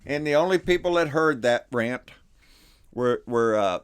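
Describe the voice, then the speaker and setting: Man, 60s, folksy vlog host, smooth voice, slightly breathless. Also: medium pitch, a little slow. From Texas, USA. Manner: excitable, folksy, repeats himself. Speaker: channel host. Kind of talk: casual political vlog chat.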